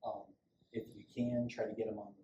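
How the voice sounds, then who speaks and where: A man's voice: lowish voice, level tone, moderate pace, muffled recording. A middle-aged man, a police sergeant, giving a casual safety training talk in a conversational, rambling way with frequent restarts. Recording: echoey room, faint background hum.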